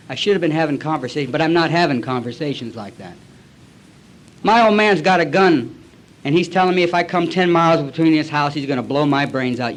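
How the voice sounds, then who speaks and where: A man in his forties tells his personal recovery story to a meeting in a blunt, colloquial way. His voice sits a little on the high side, and he acts out past conversations as he goes. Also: expressive, a little fast.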